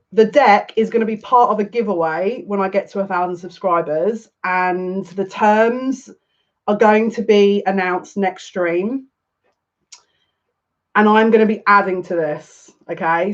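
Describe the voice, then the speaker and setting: A woman's voice: mid-range voice, measured pace. Woman tarot streamer, casual and theatrical, somewhat muffled sound. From half Turkish. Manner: chatty, dramatic and self-mocking. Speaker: psychic tarot reader. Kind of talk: casual live-stream reading.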